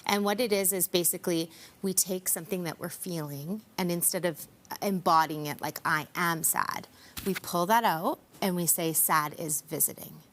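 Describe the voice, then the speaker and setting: A woman's voice: lowish voice, normal speed. A woman counsellor explaining her ideas in a friendly, conversational way during a morning news interview. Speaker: counsellor and author guest.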